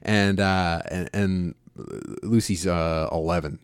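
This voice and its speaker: A man's voice: low voice, steady tone, smooth, dry recording. Profane laid-back man, dry close sound. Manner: profane, rambling, quick bursts of laughter. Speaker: podcast co-host. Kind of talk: casual chat.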